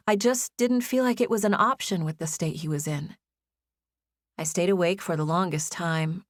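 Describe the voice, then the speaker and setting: A young adult woman narrating a first-person audiobook with gentle, intimate storytelling. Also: lowish voice, no room sound, clean studio sound.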